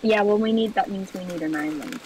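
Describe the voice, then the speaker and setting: A woman streamer chatting casually over a game, joking in a playful, deadpan way. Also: mid-range voice, a little fast, far from the mic, a crowd in the background, rough recording. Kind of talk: casual gameplay chat.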